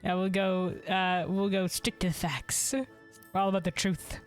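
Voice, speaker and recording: A woman's voice: measured pace, soft background music. Chatty woman streamer. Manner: chatty, laughs often, jumps up in pitch when excited. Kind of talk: casual game commentary.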